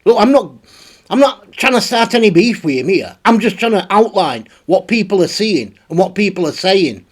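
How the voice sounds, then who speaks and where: A man's voice: high-pitched, sing-song, normal speed. A man hosting a casual, rambling commentary on online drama. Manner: rambling, blunt, with frequent restarts. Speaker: commentary channel host.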